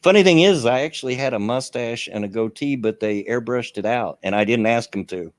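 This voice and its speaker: A man's voice: mid-range voice, a little fast, dry recording. A man, hosting a livestream chat in a folksy, rambling, self-deprecating way. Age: 60s. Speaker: stream show host.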